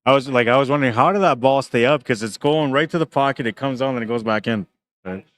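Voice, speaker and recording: Talking quickly in a mid-range voice, a man provides live commentary for a pool tournament stream at the venue. He keeps it relaxed and chatty, often laughing, and reads out viewer comments between shots.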